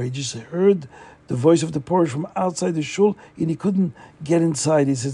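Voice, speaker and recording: A man narrates a story in a loose, chatty way, with frequent fillers and restarts. His voice is gravelly and husky, pitched slightly high but dark and mellow in tone. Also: normal speed. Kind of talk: casual oral storytelling.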